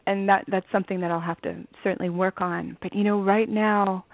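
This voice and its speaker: A woman speaking as an interview guest over a video call, at a middle pitch. She talks earnestly, often adding "you know". The sound is dry and tinny, with no room around it. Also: dry recording. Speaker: interview guest, spiritual student. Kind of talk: conversational interview. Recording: dry, tinny phone-like line.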